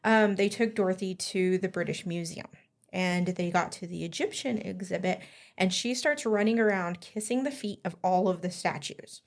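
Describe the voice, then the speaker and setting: A woman's voice: on the low side, normal speed. Chatty woman podcast host, lots of ums, giggles while she tells a story. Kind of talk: casual chat telling a story.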